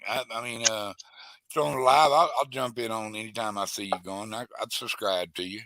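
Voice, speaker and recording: A folksy man talks in a bright, forceful voice, stumbling and restarting as he greets people in chat by name. His pitch sits fairly low and the sound is dry and close. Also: fairly even intonation, moderate pace, no room sound. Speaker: guest co-host of a live stream. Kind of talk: casual live-stream chat.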